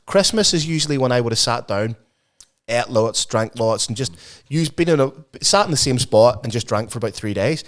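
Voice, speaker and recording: A man's voice: medium pitch, lively intonation, fairly quick. A man, co-hosting a podcast in sweary, jokey casual chat. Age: 30s. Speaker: podcast co-host.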